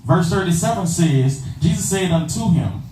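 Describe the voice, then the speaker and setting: A man's voice: sits high, lively intonation, moderate pace, warm tone, slight background noise. A man preaching a sermon, repeating phrases and asking the congregation if they follow him. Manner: call-and-response, repeats phrases, asks "you understand that?". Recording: echoey room from far off with faint ambience.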